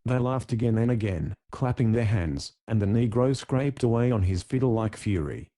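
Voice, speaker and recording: A man reading an audiobook in steady, measured scripted narration. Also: lowish voice.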